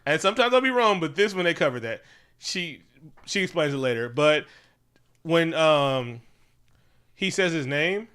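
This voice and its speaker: Bright, animated man reviewing a movie. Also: a little high, moderate pace, pauses often, clear, resonant tone. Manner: animated, acts out characters in exaggerated voices. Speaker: podcast co-host. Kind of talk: casual movie review chat.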